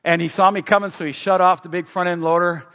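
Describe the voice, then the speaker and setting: A man preaching a sermon, telling a story in a chatty way with restarts, and rising loud on points of emphasis. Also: high-pitched, fairly even intonation, fast talker. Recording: dull echoey hall.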